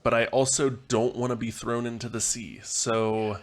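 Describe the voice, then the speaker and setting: Brief: male podcast co-host, dry, hesitant, mid-pitched. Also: flat delivery, normal speed. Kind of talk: casual comedic chat over a call.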